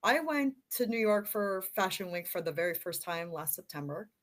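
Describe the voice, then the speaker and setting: A woman's voice: on the low side, animated, normal speed, a bit bright. A middle-aged woman from Canada, a model guest on a podcast, telling stories in a chatty, self-deprecating way. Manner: chatty storyteller, self-deprecating, laughs easily. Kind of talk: casual chat.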